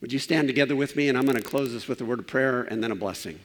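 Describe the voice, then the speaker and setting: A man's voice: mid-range voice, racing, few pauses. Pastor, male, earnest sermon and prayer, mid voice, church reverb. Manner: earnest, trailing off softly in prayer. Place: church sanctuary.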